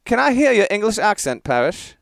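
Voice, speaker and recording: A man's voice: sits high, big pitch swings, brisk, creaky, a bit bright, dry recording, studio quality. A man co-hosting a sports podcast, joking and playful, often restarting his sentences. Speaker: podcast co-host. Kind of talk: casual podcast chat.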